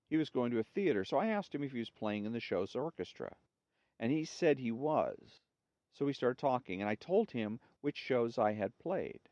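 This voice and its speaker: A man hosting a casual monologue, talking in halting, filler-heavy bursts before reading jokes aloud. The sound is dull, dry and lo-fi. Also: mid-range voice, a little mellow, dry recording. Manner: halting, many fillers and restarts.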